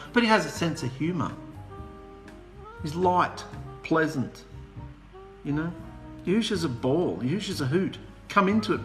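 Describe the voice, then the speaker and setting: A man preaching an animated, humorous sermon, sarcastic and worked up. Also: a little high. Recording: echoey room with music behind.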